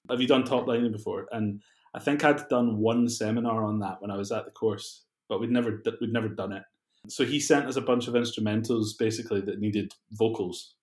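A young man chatting in an interview, relaxed and laughing often between rambling asides. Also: mid-range voice. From Scotland. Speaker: guest, music producer. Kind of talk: casual interview chat. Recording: roomy echo.

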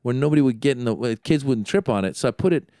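A man hosting a podcast, telling a story in an animated, self-deprecating way. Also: mid-range voice, fast, dry recording, clean studio sound. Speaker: podcast host. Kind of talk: casual chat.

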